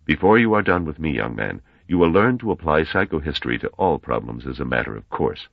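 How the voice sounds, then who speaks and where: Man playing a commanding elderly scientist, very deep and slow, dull dry recording. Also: sing-song, creaky, dry recording, full character voice. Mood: grave. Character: old male scientist, grave and commanding.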